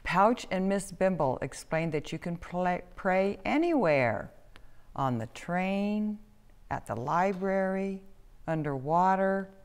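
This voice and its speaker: A woman storyteller gently reading a children's picture book aloud. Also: deep voice, clear, resonant tone. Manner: gentle, slow, expressive reading.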